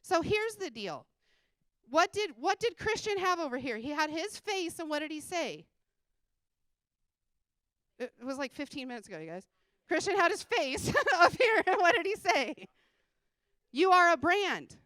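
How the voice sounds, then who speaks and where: A woman giving an energetic motivational talk on a conference stage, speaking bluntly and casually, swearing freely and laughing often. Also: very high voice, normal speed, pauses often, no room sound. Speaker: conference speaker and sales coach. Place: conference stage before a live audience.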